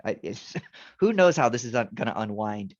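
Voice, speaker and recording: A man's voice: on the low side, very animated, normal speed. A man teaching a class over a video call, talking loosely through his slides and often restarting his sentences. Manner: rambling, self-correcting, frequent restarts. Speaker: teacher giving a presentation. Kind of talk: informal talk with slides. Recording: dull lo-fi video call audio.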